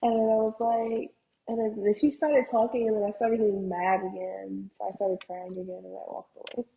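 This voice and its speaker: A woman's voice: mid-range voice, little pitch movement, gravelly. Hesitant woman, dull lo-fi sound. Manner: hesitant, halting storyteller. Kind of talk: casual podcast chat.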